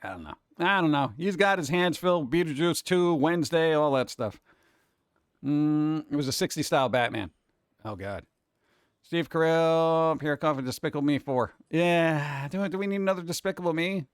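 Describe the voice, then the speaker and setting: A male cartoon creator hosts a stream, chatting casually with his live audience in a voice a little higher than typical for a man, clear and resonant at a moderate pace. He rambles, jokes and jumps between topics. The sound is dry and close, with no room sound at all.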